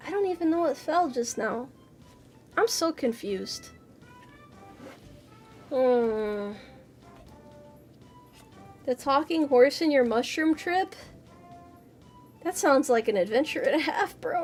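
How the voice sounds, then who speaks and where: High-voiced woman streamer, swearing and chatty. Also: animated, a little slow, pauses often, fairly bright tone, soft background music. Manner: swears often, chatty and playful; muttering and exclaiming while building a model. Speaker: VTuber streamer. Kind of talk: casual livestream chat answering chat. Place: home streaming setup at a PC.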